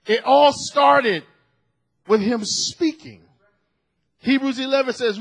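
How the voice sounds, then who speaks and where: A middle-aged male pastor preaching a sermon, swinging from shouted emphasis to hushed asides. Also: very high voice, slow, gravelly, pauses often, breathy edge, rough recording.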